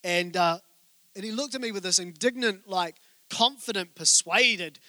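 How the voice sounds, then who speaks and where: A male pastor delivers a sermon in a high-pitched, bright and forceful voice with no room sound. He tells stories from the pulpit in a joking, conversational manner, addressing the congregation directly and tossing in quick asides.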